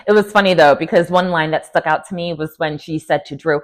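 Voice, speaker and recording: A young woman casually recapping a reality show in a chatty, gossipy way, often slipping into quick playful quotes. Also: fairly low pitch, fairly even intonation. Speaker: TV recap vlogger.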